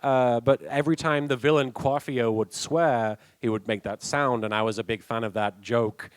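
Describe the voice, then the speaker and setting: A young Englishman answers fans' questions on a convention panel, chatty and quick to laugh, often restarting his sentences in this casual Q&A. His mid-range voice is clear and resonant, with fairly even intonation and a moderate pace, and there's no room sound.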